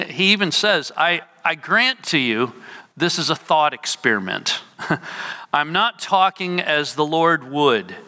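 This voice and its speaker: A man's voice: fairly high pitch, sharp tone. A man preaching a sermon, explaining a scripture passage verse by verse and voicing quoted lines with emphasis. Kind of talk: sermon teaching. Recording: hall reverb.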